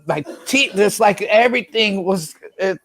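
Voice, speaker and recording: Gravelly high-voiced rambling man. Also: measured pace, a bit bright. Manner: loose, rambling, says "dude" a lot. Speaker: guest, professional skateboarder. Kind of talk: casual interview, recovery story.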